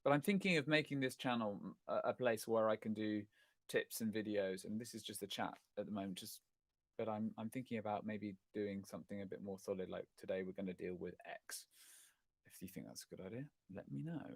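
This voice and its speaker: A man's voice: lowish voice, brisk, no room sound. A middle-aged man hosts a casual livestream chat, answering viewer questions in a rambling, self-correcting, self-deprecating way. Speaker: host of a live chat stream.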